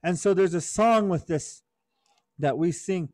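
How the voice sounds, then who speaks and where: Man, storytelling to kids, teacherly, fairly high voice, dry close sound. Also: unhurried, dry recording. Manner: gentle teacherly, often asks "right?" and "okay?". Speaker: storyteller for youth. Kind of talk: traditional storytelling to children.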